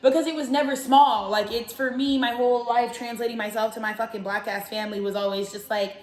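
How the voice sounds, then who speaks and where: A young woman hosting a tarot channel, talking in a casual, rambling and profane way with animated jokey asides. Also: on the high side, fairly quick, hardly any pauses. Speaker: tarot reader and channel host. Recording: echoey room.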